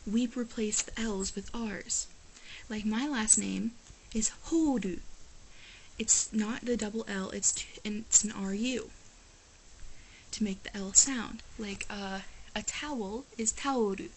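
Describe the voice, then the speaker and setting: A woman's voice: mid-range voice, slow, a little hiss or hum, rough recording. A woman vlogging to camera, talking casually in an emphatic, exasperated way with lots of "like"s. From United States. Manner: exasperated, emphatic, chatty with many "like"s. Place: living in Japan.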